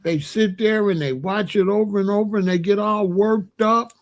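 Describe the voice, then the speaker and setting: A man in his sixties hosting a livestream, chatting casually to his live chat in a slow, repetitive, drawling way. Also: sits high. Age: 60s. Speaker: livestream host.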